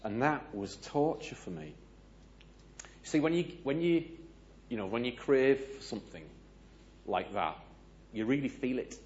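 A British man speaking to a gathered audience, telling a lively personal story, asking the audience questions and acting out the dialogue. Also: mid-range voice, measured pace, long pauses, lo-fi sound, slight background noise. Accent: British English. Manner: animated, asks audience questions, acts out dialogue. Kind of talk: storytelling sermon.

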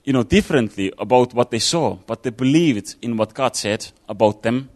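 A man's voice: medium pitch, animated, normal speed, a little mellow. A man giving an informal sermon, talking it through casually with fillers and restarts. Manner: conversational, thinking aloud with fillers and restarts. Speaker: preacher.

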